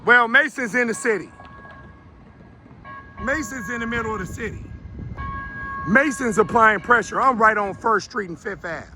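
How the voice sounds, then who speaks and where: A man's voice: high-pitched, moderate pace, long pauses, bright, forceful tone, faint music behind. A man hosting his own show, delivering a fiery, confrontational live rant from a downtown street and calling people out by name. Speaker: show host. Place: outdoors on a downtown city street.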